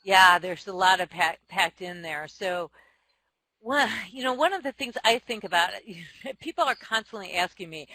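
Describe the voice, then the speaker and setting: Bright, frank businesswoman in her forties. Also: lowish voice, animated, rough recording. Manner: frank and self-deprecating, with quick laughs and restarts. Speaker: company CEO and author, guest. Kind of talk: candid interview storytelling.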